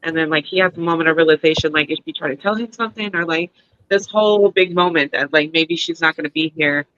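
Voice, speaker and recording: A woman co-hosting a book club podcast, recapping a story in casual chat, animated, laughing often and swearing casually. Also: low voice, quick pace, no echo. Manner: animated retelling with acted-out quotes. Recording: dull lo-fi dry recording.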